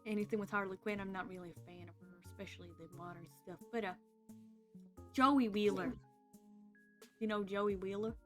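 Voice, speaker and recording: A woman's voice: medium pitch, steady tone, fairly quick, long pauses, a bit bright, faint music behind. A woman hosting a live stream, chatting casually in a rambling, laughing way. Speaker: streamer host.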